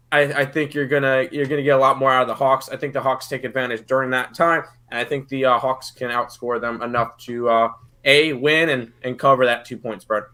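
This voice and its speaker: Mężczyzna o jasnym, wyraźnym, nieco wyższym głosie omawia typy na mecze koszykówki. Mówi pewnie, ale chaotycznie, powtarzając słowa w trakcie myślenia. Brzmi jak swobodna analiza na streamie o zakładach. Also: male voice, fairly high pitch, pushed and bright. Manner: confident, rambling, repeats words while thinking. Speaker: betting analyst. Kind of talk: casual sports betting analysis.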